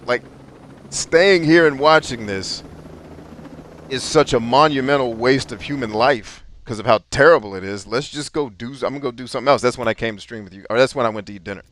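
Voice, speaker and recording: A man's voice: mid-range voice, fairly quick, fairly bright tone, a little hiss or hum. A young man streaming a game and ranting bluntly about stories, with plenty of profanity and strong opinions. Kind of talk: live game stream commentary.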